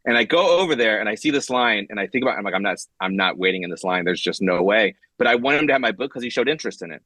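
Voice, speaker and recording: A man's voice: on the low side, racing, no echo. A man being interviewed as a guest comic writer, telling stories casually with lots of fillers and acted-out quotes. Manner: animated, acts out quotes, many fillers and restarts.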